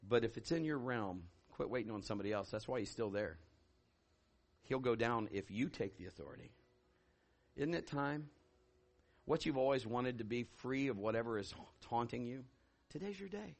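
A man preaching a sermon, swinging from loud shouted declarations to low hushed storytelling. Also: lively intonation, moderate pace. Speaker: pastor.

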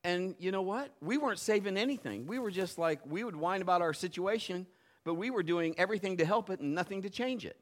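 A middle-aged male pastor preaching a sermon in a lively, conversational way, acting out little quotes. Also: sits high, fast.

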